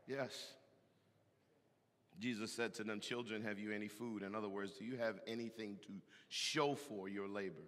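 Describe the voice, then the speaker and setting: A man preaching a sermon, animated and emphatic, with loud bursts and call-and-response to the congregation. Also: on the low side, moderate pace. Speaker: pastor. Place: large church hall. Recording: echoey hall from a distance.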